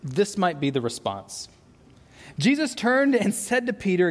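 A man's voice: sits high, big pitch swings, a little slow, big-room sound. A man preaching a sermon into a microphone, earnest and full of rhetorical questions, often repeating words as he searches for the next thought. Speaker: pastor.

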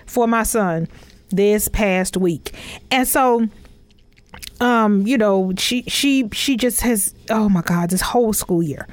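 A woman's voice: medium pitch, no room sound. A woman in her forties telling a funny family story in a chatty, rambling way, full of asides to her listeners. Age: 40s. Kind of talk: comedic storytelling monologue.

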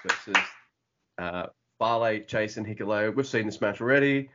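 A man co-hosting a podcast, recapping wrestling matches in lively, casual talk with swearing and laughs. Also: lowish voice, moderate pace, very noisy. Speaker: podcast co-host. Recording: dull lo-fi audio.

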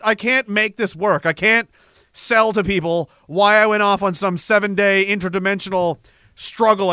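High, bright-voiced profane young man. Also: no echo, clean studio sound. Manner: animated, profane, jumps into sudden shouts. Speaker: live streamer. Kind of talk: rambling comedic chat reading viewer messages.

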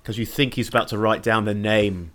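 A man with a low voice hosts a relaxed podcast. He recaps a show's plot in an eager, storytelling way, then drifts into easy banter with his co-host. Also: a little fast. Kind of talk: casual podcast chat and episode recap.

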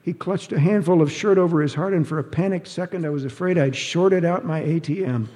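A man reads a story aloud with dry, wry timing. His voice is husky and mellow. A long reverb trails off behind him as if in a hall. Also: a little high, fairly even intonation, brisk, few pauses. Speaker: narrator. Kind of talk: audiobook narration.

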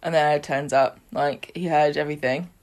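A woman's voice: low voice, fairly even intonation, moderate pace, darkish tone. A woman casually recapping a soap on a podcast, chatty and acting out the characters' lines in voices. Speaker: podcast co-host.

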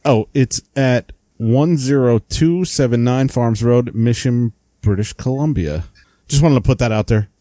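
A man's voice: medium pitch, a little slow, warm tone, dry recording. A man with a New Jersey accent co-hosting a podcast in casual, joking chat, rambling with plenty of fillers. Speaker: podcast co-host.

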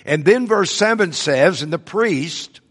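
A man delivers a sermon at an unhurried, deliberate pace, leaning on the words he wants his listeners to catch. His voice sits a little high for a man. The sound carries a long reverb, as in a large hall. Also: animated, a bit bright. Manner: slow, deliberate teaching with emphasized words. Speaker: preacher.

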